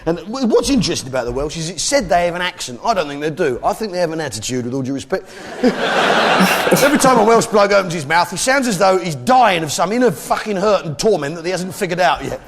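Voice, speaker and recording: A man's voice: high-pitched, sing-song, brisk. A man from Britain doing a brash, swaggering stand-up routine in a mock-patriotic style. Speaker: stand-up comedian.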